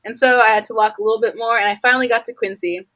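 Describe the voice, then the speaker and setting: A woman's voice: fairly high pitch, fairly even intonation, racing, sharp tone, low-quality recording. Young woman, college-age, from Florida; casual rambling storyteller, heavy "like" filler, plays out her own reactions. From Florida, USA. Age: young adult. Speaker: college student guest.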